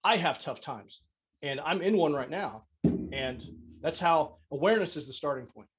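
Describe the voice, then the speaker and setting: Casting note: man, fairly high voice, earnest motivational coach on a video call. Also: animated, moderate pace. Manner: earnest, repeats words when searching. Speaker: mindset coach, conference speaker. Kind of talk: motivational talk. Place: online video conference.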